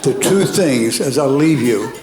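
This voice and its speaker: A man's voice: mid-range voice, animated, unhurried, noisy background. A man, telling a rambling, folksy stand-up set on a comedy club stage. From North Carolina, USA. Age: 80s. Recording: roomy club with audience laughter.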